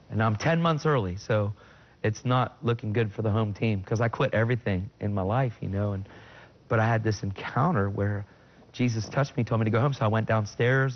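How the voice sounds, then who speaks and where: A man's voice: a little fast, dull audio. Earnest middle-aged man telling his testimony. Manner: earnest and emotional, with sudden high bursts when quoting himself. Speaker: guest sharing his testimony. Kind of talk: personal faith testimony in conversation.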